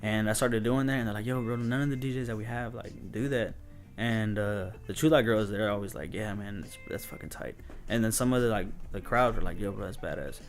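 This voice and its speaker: A man guesting on an interview, telling DJ stories in relaxed, slangy casual chat with frequent laughs. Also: lowish voice, brisk, soft background music. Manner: laid-back storytelling, says "dude" and "bro" a lot, laughs often.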